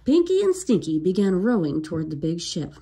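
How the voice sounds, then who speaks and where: A woman reads a children's storybook aloud, slow and unhurried. Her voice is low, mellow and a little husky, and it rises and falls in a lively way. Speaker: storybook reader. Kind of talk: read-aloud storybook narration.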